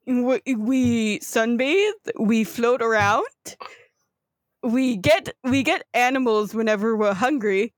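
A woman's voice: a little high, slow pace, no echo. Woman putting on drawling Southern gators. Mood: lazy. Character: lazy laid-back adult alligators.

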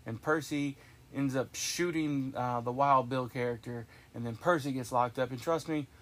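A man's voice: mid-range voice, normal speed. A man hosting a podcast in casual chat, rambling and enthusiastic with lots of restarts. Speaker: podcast host.

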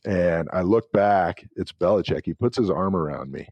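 A man in his forties, a former pro football player, telling interview stories with lively acted-out quotes. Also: low-pitched, moderate pace, slightly rough, no room sound, dull audio. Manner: animated anecdotes with acted-out quotes. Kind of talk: casual interview storytelling.

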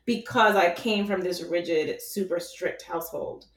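A woman's voice: lowish voice, measured pace, echoey room, far from the mic. A woman guest, a mother of a toddler, talking in a chatty way with lots of fillers. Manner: chatty, frequent fillers, animated storytelling. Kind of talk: casual chat.

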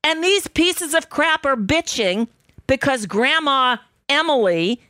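Fiery, lively-pitched woman talk host. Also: takes it slowly, no echo, studio quality. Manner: angry, profane ranting. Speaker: radio talk show host. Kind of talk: political talk radio monologue.

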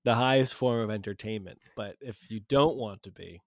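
A man's voice: on the low side, moderate pace, no room sound, studio quality. A man co-hosting a comedy podcast, chatting casually, rambling and joking. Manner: jokey, rambling, does mocking voices. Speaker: podcast co-host.

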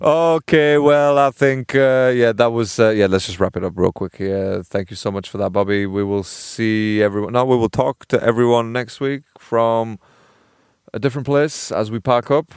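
A man's voice: medium pitch, fairly even intonation, moderate pace, smooth, dry recording. Male podcast co-host, bantering and ribbing his mate, dry recording. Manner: teasing, bantering. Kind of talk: casual chat.

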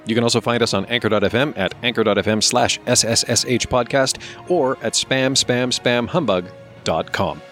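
Man narrating in a steady, measured voice. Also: mid-range voice, faint music behind. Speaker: podcast host and book reader. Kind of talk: scripted narration reading a book aloud.

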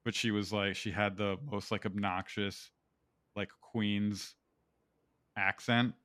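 This podcast co-host speaks slowly and flatly in a lowish, fairly bright voice during a casual chat. His talk rambles on, with "like" turning up constantly.

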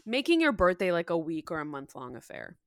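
A woman's voice: on the low side, big pitch swings, a little fast, creaky, fairly bright tone, no room sound, studio quality. A woman co-hosting a podcast, chatting casually with blunt, joking reactions. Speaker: podcast co-host. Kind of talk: casual chat.

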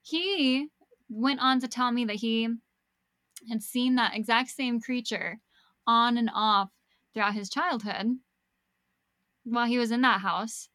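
A young woman telling a personal story in casual chat, animated and swearing freely as she acts out what people said. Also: fairly high pitch, measured pace, long pauses, no room sound, studio quality. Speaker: podcast guest storyteller.

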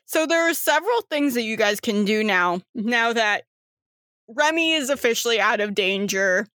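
A young woman runs a tabletop game from her home setup, her voice pitched a touch high. She explains the scene haltingly, full of ums and restarts. The sound is dry and close, with no room around it. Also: lively intonation, pushed and bright, no room sound. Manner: hesitant, filler-heavy explaining. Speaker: game master.

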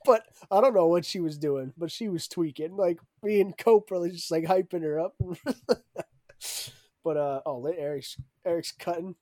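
A man's voice: fairly high pitch, normal speed, mellow, no echo. A young man telling a story in a casual chat, laughing often and acting out what others said. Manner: laughing storyteller, acts out quotes with raised voice.

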